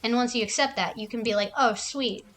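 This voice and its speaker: A woman streamer rants casually, swearing plenty and acting out other people's lines in quick mock voices. Her pitch is fairly high with fairly even intonation.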